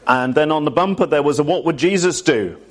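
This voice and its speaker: A man's voice: on the high side, brisk, natural voice. A man with an English accent voicing a polite, apologetic male police officer in a story told during a sermon.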